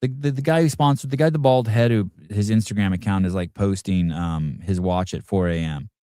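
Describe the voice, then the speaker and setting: A man's voice: lowish voice, fairly quick, mellow, no room sound, studio quality. A man hosting a show, giving casual reaction commentary in a combative, profane rant aimed at his audience and producer. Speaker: podcast host.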